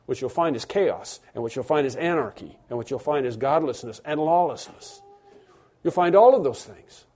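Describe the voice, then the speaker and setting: A man's voice: mid-range voice, lively intonation, normal speed, dark tone. A man preaching a sermon in a conversational way, repeating himself, restarting phrases and rising to emphatic lines. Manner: rises to emphatic stressed phrases. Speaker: pastor.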